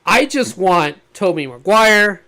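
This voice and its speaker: A man co-hosting a podcast in casual chat, animated and laughing often as he pitches ideas. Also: takes it slowly. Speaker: podcast co-host.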